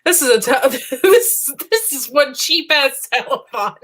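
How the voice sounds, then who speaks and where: A woman's voice: sits high, lively intonation, measured pace, fairly bright tone. A woman co-hosting a livestream in casual chat, bubbly and giggly, teasing her guests over a video call. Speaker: livestream co-host.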